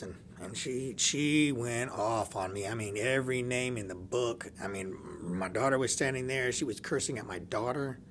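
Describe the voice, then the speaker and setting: A man of middle pitch tells a story in casual podcast chat, full of life, often laughing and playing out each person's lines. A faint hum of ambience sits behind his voice. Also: moderate pace. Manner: animated, laughs often, acts out dialogue. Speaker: podcast guest.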